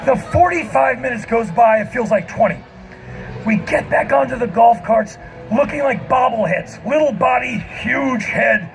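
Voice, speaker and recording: Male live storyteller on a festival stage; high, animated, shouts the punchlines. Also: a little slow, vocal fry, music in the background. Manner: animated, self-mocking, often shouting. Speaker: spoken-word performer.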